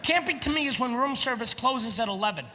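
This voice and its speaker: A man doing a stand-up comedy routine, animated and shouting his punchlines. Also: extremely high pitch, fast, very noisy. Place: large theater stage before a live audience. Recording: live hall recording with loud crowd laughter. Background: audience laughter.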